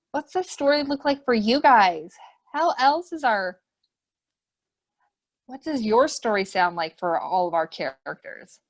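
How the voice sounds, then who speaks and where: A woman hosting a children's webinar, reading a picture book aloud and asking young children lots of questions with excited gasps. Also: a little high. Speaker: children's program host. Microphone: webinar computer mic.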